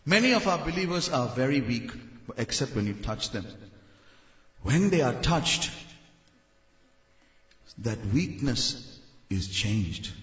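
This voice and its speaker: A man preaching a sermon in a lively, animated way, mimicking people and rousing the congregation. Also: mid-range voice, slow, long pauses. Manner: animated, mimics people, leads the crowd in shouts. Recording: echoey hall, dull lo-fi sound.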